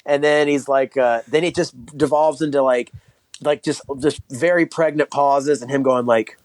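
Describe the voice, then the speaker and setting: A man's voice: mid-range voice, steady tone, a little mellow, no room sound. A man co-hosting a podcast, telling rambling stories full of restarts and swearing. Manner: rambling, halting, profane storytelling. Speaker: podcast co-host. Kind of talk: casual podcast chat.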